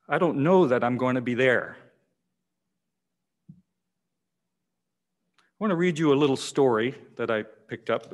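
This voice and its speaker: A man, preaching a sermon in a measured way, repeating key phrases with pauses, in a church hall. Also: mid-range voice. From Canada. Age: 60s. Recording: long echoing church reverb.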